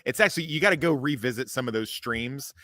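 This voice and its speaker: A man's voice: mid-range voice, expressive, quick pace, pushed and bright, dry recording. A man chatting on a stream in a teasing, emphatic way, with lots of swearing. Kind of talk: casual panel chat.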